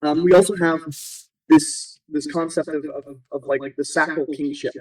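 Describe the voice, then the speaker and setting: A man's voice: a little high, steady tone, moderate pace, a little mellow, recorded from a distance, low-quality recording. A man talking casually in an interview, rambling with many fillers, restarts and "you know"s. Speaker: guest. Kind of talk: conversational interview.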